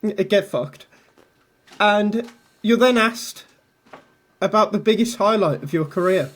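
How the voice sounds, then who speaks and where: A man's voice: high-pitched, unhurried. A man hosting a podcast in casual banter, teasing his co-host, laughing often and swearing casually.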